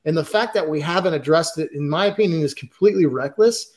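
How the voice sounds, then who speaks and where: Fan pundit: man, high-pitched, heated rant, cursing. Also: fast talker, darkish tone. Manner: frustrated, ranting, swears. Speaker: podcast co-host. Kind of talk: heated football fan chat.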